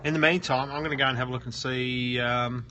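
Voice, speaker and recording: Speaking briskly in a bright, forceful, medium-pitched voice with fairly even intonation, an Australian man runs a live SEO question stream from his office at work. He jokes and reads out viewer comments, and the lo-fi sound carries a little hiss or hum.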